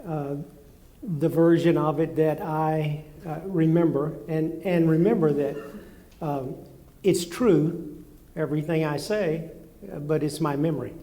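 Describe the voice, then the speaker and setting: An older man being interviewed on stage, recalling events slowly with many pauses and fillers. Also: a little high, steady tone, mellow. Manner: halting, many fillers, reflective. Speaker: former seminary president, guest. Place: studio stage before live audience.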